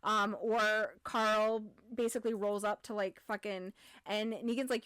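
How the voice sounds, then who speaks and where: Woman co-host, lively, higher-pitched, swears a lot, dry close sound. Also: a little slow, no echo. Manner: animated, swears freely, acts out quotes. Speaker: podcast co-host. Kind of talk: casual chat.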